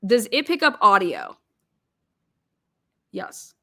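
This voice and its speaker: Bright-voiced woman firing off questions. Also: mid-range voice, wildly swooping pitch. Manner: rapid-fire pointed questioning. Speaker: commentator. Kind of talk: mock cross-examination, commentary.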